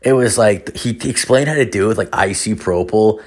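In a casual storytelling monologue, a podcast host in his thirties spins a rambling, profane tale packed with fillers. His voice sits lowish and a little mellow, with a husky edge and a brisk pace.

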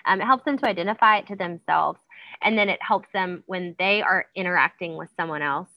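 A woman's voice: lowish voice, a little fast, no room sound, highs cut off. A woman in her thirties talking casually about parenting, with frequent ums. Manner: warm, frequent ums, acts out kids' voices. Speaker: parenting podcast guest. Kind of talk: casual conversational chat.

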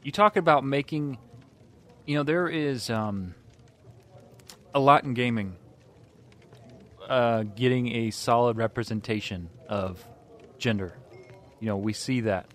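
A man co-hosting a podcast in casual chat, enthusiastic and quick to agree. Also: mid-range voice. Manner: enthusiastic, animated, frequent agreeing interjections. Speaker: podcast co-host.

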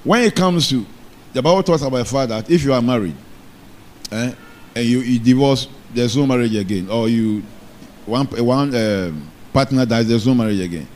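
A man's voice: medium pitch, moderate pace, darkish tone, a little hiss or hum. A man preaching a sermon in church, often calling out to the congregation for an amen. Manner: call-and-response preaching, asks the congregation for amen. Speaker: pastor.

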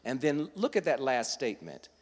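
A man preaching a sermon as pastor, teaching from scripture and building to fervent, loud delivery. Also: medium pitch, huge pitch swings, moderate pace, breathy edge, in a large hall.

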